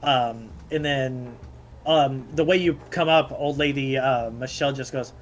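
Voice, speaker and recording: A man's voice: medium pitch, unhurried, slight background noise. A man narrating as dungeon master of a tabletop game, rambling with many fillers and laughing often.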